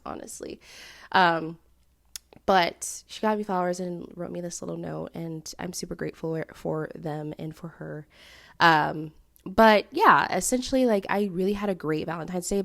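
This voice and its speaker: A young woman in her twenties hosting a casual solo podcast, chatty and full of fillers, often laughing and jumping into high playful asides. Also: vocal fry, a bit bright. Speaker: podcast host.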